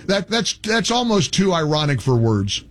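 A male talk radio host with a higher pitch and a husky edge to his voice. He argues heatedly with a caller, mocking and sarcastic in his call-in radio delivery. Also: very animated, normal speed, fairly bright tone.

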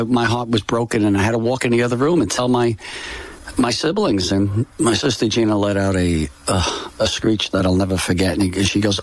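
An older man telling a personal story in an interview, halting and emotional, with many fillers and restarts. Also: on the low side, lively intonation. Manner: emotional, solemn. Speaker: interview guest.

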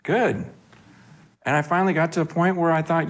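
A male preacher with a high-pitched voice delivers a conversational sermon. He is animated and slips into the voices of the people he quotes. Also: a little fast.

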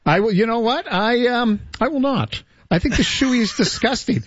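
A man's voice: extremely high pitch, expressive, moderate pace, hardly any pauses, no echo. A man hosting a sports radio show in a playful, self-mocking chat, reading listener tweets aloud. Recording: dull lo-fi radio audio with faint music.

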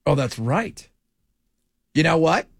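A radio talk host, a man with a high, gravelly voice that swings all over as he jokes and banters with his co-hosts. He laughs often and tosses in quick asides. He is on a studio mic in a dry booth. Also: very animated, no room sound.

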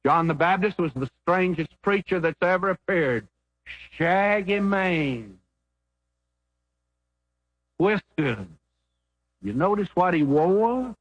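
Animated old-time radio preacher, man. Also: high voice, slow pace, long pauses, no room sound. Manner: animated preaching, dramatic quoted voices. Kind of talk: sermon. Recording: muffled old radio broadcast.

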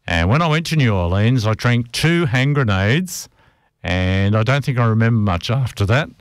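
A man's voice: medium pitch, lively intonation, normal speed, no room sound, clean studio sound. A middle-aged man hosting a music radio show, chatting casually and grumbling jokily between tracks. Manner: chatty, rambling, jokey grumbling.

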